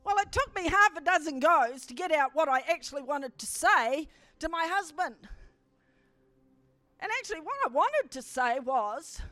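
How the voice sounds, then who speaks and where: A woman preacher telling a story in a sermon, building to emphatic, forceful swells as she preaches. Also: high-pitched, lively intonation, moderate pace, no room sound.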